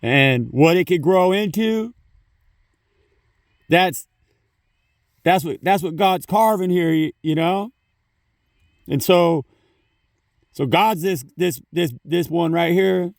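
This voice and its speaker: A man's voice: high-pitched, slow, vocal fry, pauses often, no echo, studio quality, distant mic. A man giving a casual spiritual talk on his phone, rambling, swearing freely and saying "you know" often. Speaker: spiritual vlogger.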